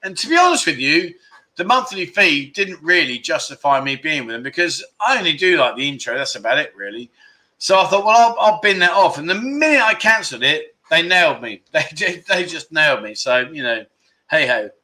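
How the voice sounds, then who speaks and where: His voice sits on the high side, swinging widely in pitch, a little fast, pushed and bright. This livestream host in Pattaya, Thailand reads viewer donations in a casual chat, gratefully thanking viewers with many restarts.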